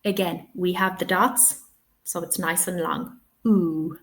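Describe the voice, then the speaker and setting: A woman with an Irish accent hosts a live online English-teaching webinar, patiently explaining and modelling each vowel sound. Her voice is lowish and fairly bright, with a flat, unhurried delivery.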